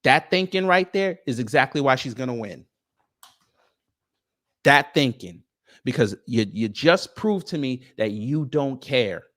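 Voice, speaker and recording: A male streamer rants at his audience and fires off question after question in a mocking tone. His pitch sits in the middle and he laughs with scorn as he talks. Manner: animated, mocking, rapid rhetorical questions. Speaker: political commentary host. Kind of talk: ranting live-stream commentary.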